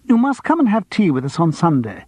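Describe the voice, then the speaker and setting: A man's voice: on the high side, wildly swooping pitch, warm tone, breathy edge, dry recording, voice pushed up, full character voice. A man doing a cooing, gushing stage actress. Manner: cooing, drawn-out, calls everyone darling. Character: theatrical older actress, gushing and dramatic.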